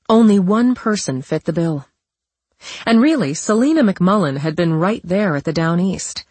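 A woman narrates an audiobook in a low, husky voice. Her reading is measured and expressive. The sound is close and dry, with no room around it. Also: dry recording. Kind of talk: scripted narration.

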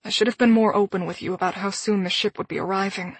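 Brief: woman reading an exhausted young man, husky and soft-spoken, apologizing haltingly. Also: medium pitch, steady tone, dry recording. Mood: weary apologetic. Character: tired, apologetic young man on a video call.

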